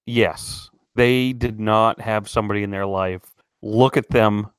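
A man co-hosting a podcast in casual banter, with wry, deadpan humor, steering the talk. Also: fairly low pitch, measured pace, clean tone, dry recording, studio quality. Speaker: podcast co-host.

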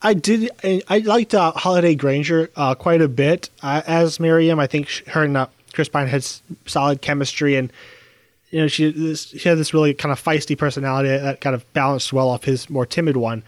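Hesitant man with a higher, dry voice. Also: fairly quick, no echo. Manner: hesitant, many fillers and restarts. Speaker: film podcast co-host. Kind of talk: casual film review chat.

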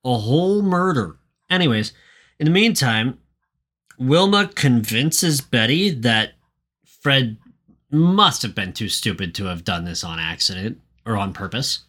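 A young man in casual podcast chat, swearing freely as he jokes through a movie recap. His voice is lively and bright, with pitch swinging widely as he acts out lines. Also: measured pace. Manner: profane, joking, acts out quotes. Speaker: podcast co-host.

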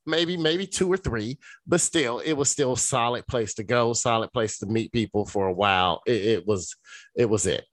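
Man co-hosting, earnest and reflective, mid-pitch voice, dry close sound. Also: normal speed, no room sound. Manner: earnest, reflective, speaks straight to his co-host. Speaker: podcast co-host. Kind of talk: casual chat.

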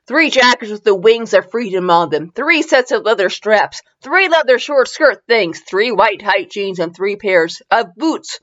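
Woman, comedic fan fiction reading, giggly, wired on caffeine, swooping pitch, dull lo-fi sound. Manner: giggly, excitable, frequent laughing outbursts and tangents. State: wired on caffeine after little sleep.

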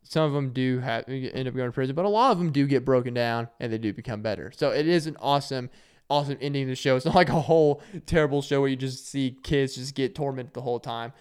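A young man hosting a solo podcast, telling rambling, self-deprecating stories in a casual way and acting out loud quotes. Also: medium pitch, quick pace, clean tone. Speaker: podcast host.

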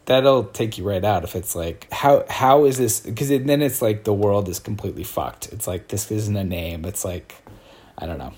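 A man co-hosting a podcast, reflecting out loud and qualifying his points. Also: lowish voice, animated, moderate pace. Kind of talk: casual discussion.

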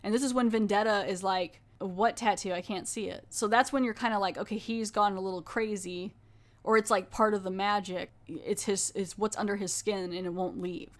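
A woman's voice: mid-range voice, steady tone, moderate pace. Chatty woman recapping a TV episode. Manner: chatty, filler-heavy, often restarts. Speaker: podcast host.

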